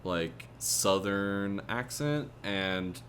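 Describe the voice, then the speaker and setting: A man's voice: lowish voice, expressive, drawn-out words, a loud crowd. A man co-hosting a podcast, giving his views on a film in a rambling, hesitant casual chat with many fillers. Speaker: podcast co-host. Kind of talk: casual movie review chat.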